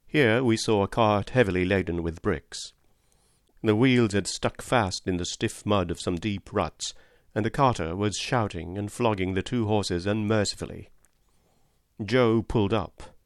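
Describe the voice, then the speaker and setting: A man with a low voice reads a classic story aloud in a steady, measured way. The recording is close and dry, with no room sound around him. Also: no echo. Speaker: audiobook narrator. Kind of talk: scripted narration.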